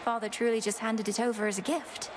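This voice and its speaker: A woman's voice: on the high side, level tone, quick pace, background noise, lightly acted. A woman voicing a poised young witch princess of the underworld in a video game, polite and slightly formal. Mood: composed. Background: game music.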